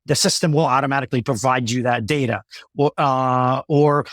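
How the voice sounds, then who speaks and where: A male company executive explaining his ideas in a business interview, in a measured way with many fillers and restarts. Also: medium pitch, fairly even intonation, a bit bright, no room sound, clean studio sound.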